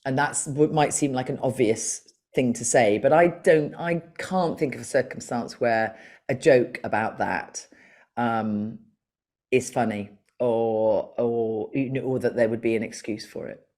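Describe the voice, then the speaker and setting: A woman guest in a casual podcast interview, chatty and playful, pausing now and then to think. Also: extremely low pitch, a little mellow. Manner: playful and chatty, with thoughtful pauses. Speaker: podcast guest, author and broadcaster.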